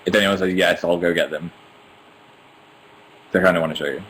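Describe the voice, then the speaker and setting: A man's voice: sits low, fairly even intonation, a little fast, a bit bright, a little hiss or hum, rough recording. Chatty British man on a laptop mic. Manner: chatty and self-mocking, reads comments aloud. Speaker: livestream host reading viewer comments. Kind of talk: casual livestream chat. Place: indoors at home. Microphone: laptop webcam microphone.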